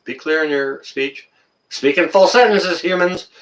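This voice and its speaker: A man's voice: fairly high pitch, lively intonation, a little slow, bright, forceful tone, far from the mic. A man hosting a casual livestream, reading viewer comments and ranting, getting worked up and then apologizing.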